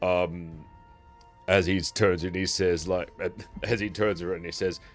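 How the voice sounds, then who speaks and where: A man's voice: sits low, steady tone, measured pace, faint music behind. A man narrating as game master of a tabletop game in a casual, rambling way with many fillers.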